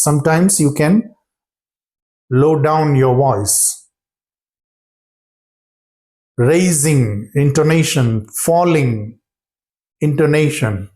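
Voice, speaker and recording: A man with a mellow, mid-range voice teaches his students a spoken-English lesson. He talks deliberately and keeps checking in with short questions and words of praise.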